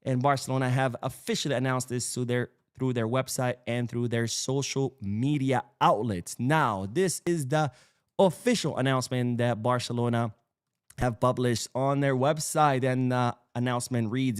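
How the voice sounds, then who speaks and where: A man's voice: medium pitch, moderate pace, smooth. A man hosting a casual sports podcast, chatty and opinionated, wandering off into side remarks. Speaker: podcast host.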